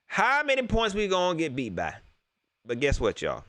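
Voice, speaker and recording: Animated, bright-voiced sports fan man. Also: on the high side, normal speed, no echo. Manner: animated, repeats himself, laughs often; talks straight to viewers. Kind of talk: excited casual sports preview chat.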